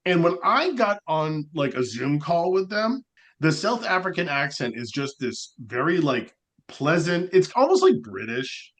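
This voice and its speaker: A man with a slightly raised pitch chatting on a podcast. He rambles and jumps between thoughts, leaning on "like" as he goes. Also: measured pace. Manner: rambling, animated, frequent "like" fillers. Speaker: podcast co-host. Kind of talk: casual podcast chat.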